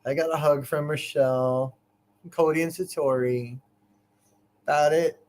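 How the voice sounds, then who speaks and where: A man's voice: fairly high pitch, steady tone, unhurried, a little mellow. A man co-hosting a live online show, chatting casually in a joking, teasing way. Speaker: co-host. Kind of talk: casual live-stream chat.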